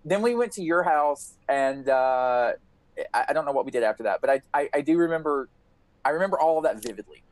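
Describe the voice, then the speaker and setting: The recording is dry and rough as a podcast co-host, a man with a higher voice, spins a wild tale a little fast. Animated and profane, he acts out every quote himself.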